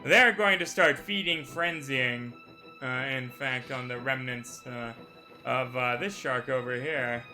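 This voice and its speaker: A man's voice: medium pitch, measured pace, soft background music. A man running a tabletop game as game master, joking and explaining the rules. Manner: animated, jokey, rules-minded. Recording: live stream with faint background noise.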